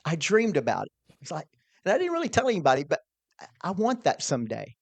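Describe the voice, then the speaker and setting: A man telling an earnest, animated personal story as a podcast guest, quoting his own thoughts along the way. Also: fairly high pitch, fast, vocal fry, no room sound. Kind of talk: storytelling in a conversation.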